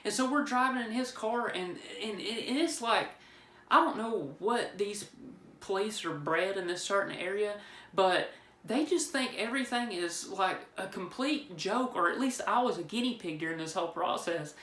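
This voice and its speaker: A man's voice: sits high, expressive, moderate pace, bright, forceful tone. Guy spinning a rambling, jokey story, recorded in an echoey room. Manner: rambling, joking, with frequent restarts. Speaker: vlogger telling a personal story. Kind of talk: casual storytelling. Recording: roomy echo.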